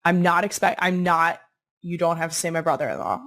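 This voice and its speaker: A woman's voice: fairly low pitch, brisk, a bit bright. A woman from the Philadelphia area hosting a casual podcast interview, asking questions in a teasing, dryly playful way. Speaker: podcast host.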